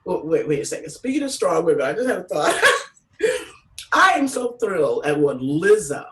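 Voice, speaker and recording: A woman telling stand-up stories from California, animated and acting out voices with big pitch jumps. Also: moderate pace, recorded from a distance, poor audio. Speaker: comedian. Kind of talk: stand-up storytelling.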